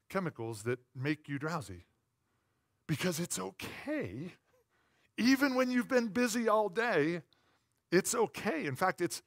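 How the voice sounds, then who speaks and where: Bright-voiced pastor preaching a sermon. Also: male voice, fairly high pitch. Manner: swings from quiet, intimate asides to loud, emphatic repetition; conversational, with fillers and playful asides.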